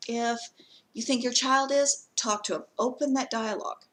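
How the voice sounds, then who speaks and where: A woman vlogging in a casual talk to camera, plainspoken and earnest, giving direct advice with frequent pauses. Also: on the high side, fairly even intonation, a bit bright, rough recording.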